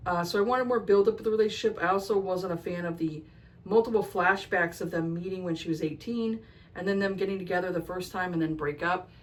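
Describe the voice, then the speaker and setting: A woman's voice: fairly low pitch, brisk, low-quality recording. A woman talking casually in a book review vlog, frank and ranting, swearing freely and using lots of "like" fillers. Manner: frequent "like" fillers.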